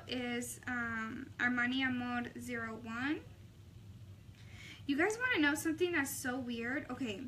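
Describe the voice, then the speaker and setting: A young woman vlogging a makeup tutorial, chatting casually with a sassy, animated way of telling stories. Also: sits high, slight background noise.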